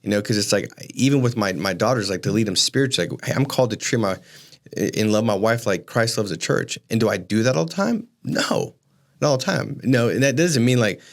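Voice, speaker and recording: A man in his thirties co-hosting a podcast, telling stories in casual chat and jumping up in pitch to stress a point. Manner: animated storyteller, rises in pitch for emphasis. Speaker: podcast co-host.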